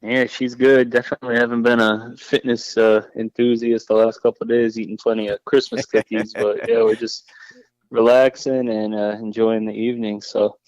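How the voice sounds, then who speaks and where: A young man calling in to a podcast, talking in a relaxed, easygoing way. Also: medium pitch, normal speed, dry recording. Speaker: caller. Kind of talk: phone call into a podcast. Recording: dull phone-call audio.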